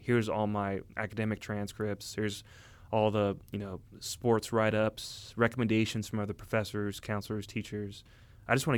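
A man in his thirties, telling his story as an interview guest in earnest, halting casual talk with many fillers. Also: lowish voice, no echo. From United States. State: emotional, near tears. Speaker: interview guest, Army officer. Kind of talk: casual conversation.

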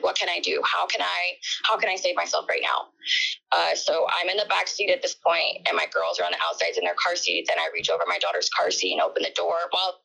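A woman in an interview, recounting a personal ordeal in a halting, emotional way with many fillers. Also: fairly low pitch, gravelly, bright, forceful tone, breathy edge, low-quality recording.

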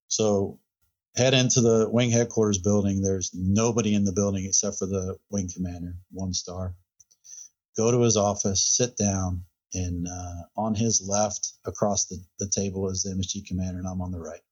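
A fire chief talks through an old incident as a podcast guest, relaxed and conversational, often doubling back on his words. His voice sits low and mellow with a husky edge. The audio sounds dull and lo-fi. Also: normal speed. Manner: relaxed storyteller, repeats words and quotes others. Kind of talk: recounting a past incident in conversation.

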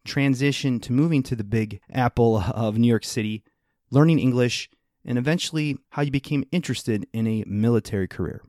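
A man's voice: medium pitch, brisk, a little mellow, no echo, clean studio sound. A man hosting an interview, reading out a guest's biography and questioning him in a formal, deferential way. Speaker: podcast host.

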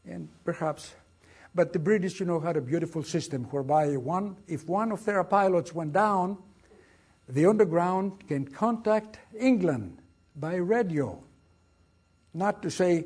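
An older man with a Greek accent recounts his wartime escape in a lecture hall. His husky voice sits a little high, and he tells the story with drama and energy, acting out the lines of the people he quotes. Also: lively intonation, unhurried, a little mellow. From Greece. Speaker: guest speaker.

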